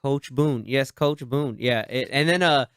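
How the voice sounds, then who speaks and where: In a clean studio recording with no room sound, a podcast host with a clear, resonant mid-range voice talks a little slowly. He chats casually and animatedly about movies, acting out favorite lines in put-on voices.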